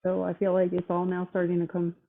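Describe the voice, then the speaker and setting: A woman's voice: fairly low pitch, completely flat delivery, brisk. A woman in casual chat, talking bluntly and with heavy profanity, fired up and determined. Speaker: roundtable guest. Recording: tinny phone-line audio.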